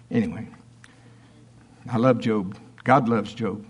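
Male preacher, folksy and emphatic, a touch higher-pitched than most men, jumps between big loud lines and soft asides. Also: animated, normal speed, pauses often, slightly rough. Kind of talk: sermon. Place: church.

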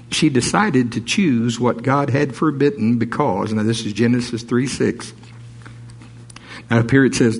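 A man preaching a sermon, reading scripture aloud with jokes and asides in an animated way. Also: mid-range voice, vocal fry, slightly rough.

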